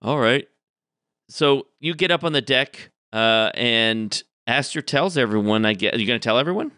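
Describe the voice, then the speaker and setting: A man running a tabletop game as game master, narrating with a wry, relaxed manner. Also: medium pitch, normal speed, no room sound, clean studio sound.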